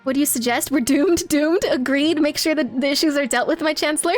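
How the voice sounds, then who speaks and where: A woman's voice: high-pitched, a little fast, hardly any pauses, faint music behind. A woman streaming a game live, laughing often and talking to her chat while reading out game lines. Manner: giggly, animated, reads out game lines.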